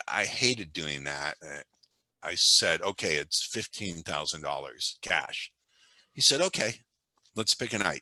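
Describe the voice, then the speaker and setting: Deep-voiced, talkative man telling stories. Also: no echo, low-quality recording. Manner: animated, talkative storyteller. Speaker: podcast guest, hypnosis and sales trainer. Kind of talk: conversational storytelling.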